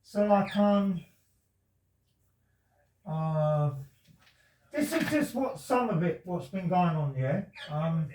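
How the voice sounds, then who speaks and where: A man's voice: high voice, expressive, slow, long pauses, darkish tone, slight background noise. A man making a complaint to the police, talking in a rambling, insistent, agitated way. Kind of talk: conversation with police. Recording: roomy, from far off the mic.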